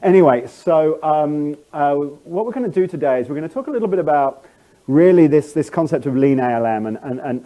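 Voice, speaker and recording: Chatty middle-aged Englishman with a mellow voice. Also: mid-range voice. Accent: English, standard British. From England. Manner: self-deprecating, chatty, many fillers and restarts. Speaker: conference speaker. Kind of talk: conference talk.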